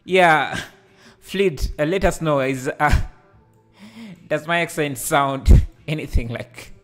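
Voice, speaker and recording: Man, live tutorial host, unhurried, halting with fillers, headset mic, soft music underneath. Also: a little high. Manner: hesitant, many fillers and restarts; laughs easily while reading chat. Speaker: livestreaming 3D tutor.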